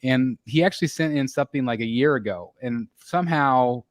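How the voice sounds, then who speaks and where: A man's voice: mid-range voice, fairly quick, dry recording, clean studio sound. A man hosting a live stream, chatting casually and rambling with lots of fillers. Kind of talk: casual chat.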